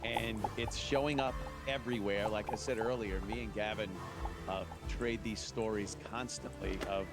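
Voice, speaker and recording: A man's voice: on the low side, steady tone, moderate pace, loud music behind the voice. A man hosting a casual talk show, blunt, crude and emphatic in his delivery. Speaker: podcast host. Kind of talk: casual chat.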